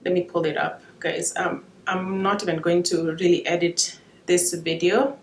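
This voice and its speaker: A woman giving an informal devotional talk, speaking emotionally and haltingly as she holds back tears. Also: on the low side, little pitch movement, reverberant. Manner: emotional, halting, with restarts and asides. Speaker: Christian video blogger sharing dreams.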